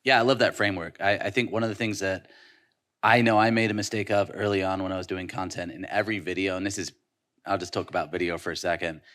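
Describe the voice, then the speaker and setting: Man, very deep voice, casual panel talk, lots of fillers and restarts. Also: steady tone, a bit bright. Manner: conversational, quick hooks, many fillers and restarts. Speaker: conference panelist. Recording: live conference session.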